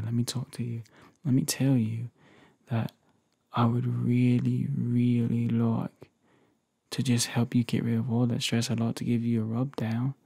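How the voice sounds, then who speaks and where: Gravelly, husky man in whispered role-play. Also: medium pitch. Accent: put-on London accent. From United States. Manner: playful, flirty, rambling, soft-spoken. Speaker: ASMR creator.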